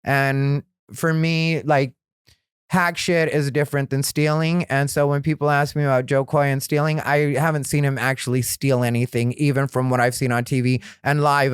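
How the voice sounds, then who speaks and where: A male comedian hosting his own podcast, telling stories in a frank, rambling way that grows animated. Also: medium pitch, clean tone, no echo, clean studio sound. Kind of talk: candid solo podcast storytelling.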